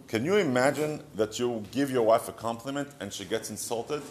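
A man's voice: medium pitch, normal speed. A middle-aged man with an Israeli accent giving a short, conversational advice talk, asking rhetorical questions with light humor. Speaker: marriage counselor.

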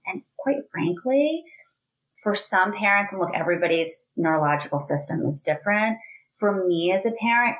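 A woman's voice: medium pitch, normal speed, rough recording. A woman in her forties, a family educator, talking earnestly in an interview with lots of "you know" fillers. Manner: earnest, animated, many fillers. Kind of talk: conversational interview.

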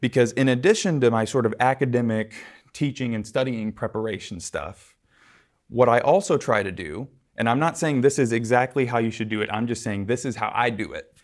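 A man teaching a church class in a relaxed lecture style. He speaks earnestly and stays casual, with frequent asides and small fillers, at a medium pitch. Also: fairly quick.

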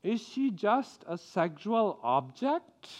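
A man's voice: sits high, big pitch swings, takes it slowly. A man from India preaching a sermon, acting out quotes and often stumbling over and repeating his words.

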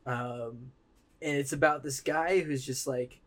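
Excited man pitching a movie. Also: takes it slowly. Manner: excited, pitching with hesitant fillers. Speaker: podcast co-host. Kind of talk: casual chat.

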